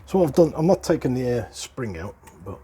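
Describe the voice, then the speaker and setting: A man's voice: mid-range voice, big pitch swings, fairly quick, dark tone, husky. Chatty British man explaining a repair. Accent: British English. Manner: chatty and explanatory, chuckles between points. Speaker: airgun hobbyist presenter. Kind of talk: casual hands-on repair walkthrough.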